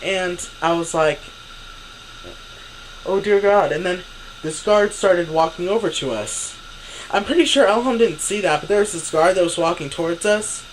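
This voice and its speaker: A man's voice: high-pitched, moderate pace, a little hiss or hum, poor audio. A young man vlogging an exasperated, profane story, acting out what others said. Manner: exasperated, swearing, acts out quotes. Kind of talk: ranting story to camera.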